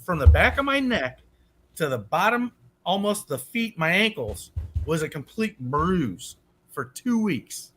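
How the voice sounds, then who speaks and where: Man, casual chat, animated anecdotes, high pitch, bright tense tone. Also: measured pace, slight background noise. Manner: animated, exaggerated anecdote telling.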